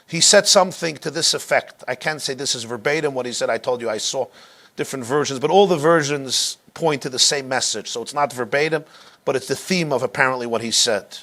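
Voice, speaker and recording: A male rabbi teaching a class, telling a story dramatically and slowing down to stress key moments. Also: mid-range voice, fairly bright tone. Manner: dramatic, slows down for emphasis. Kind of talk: storytelling lecture.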